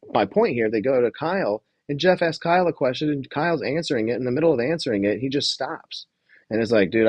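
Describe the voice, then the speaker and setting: A man's voice: medium pitch, no room sound, dull audio. A young man hosting a casual show recap, rambling and swearing with lots of fillers while reading chat aloud. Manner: reads live chat aloud. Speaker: podcast host reviewing a reality show.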